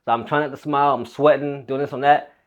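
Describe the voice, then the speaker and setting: A man's voice: mid-range voice, fairly even intonation, quick pace, muffled recording. A young man and fitness coach telling a personal story in a loose, rambling, casual way, swearing freely.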